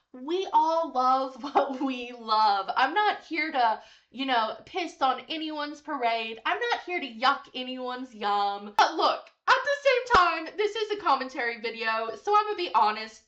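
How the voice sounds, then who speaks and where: A woman's voice: high voice, fairly bright tone. A woman hosting a commentary video, chatty and casual, swearing and laughing as she talks. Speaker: commentary host. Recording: dull lo-fi mic.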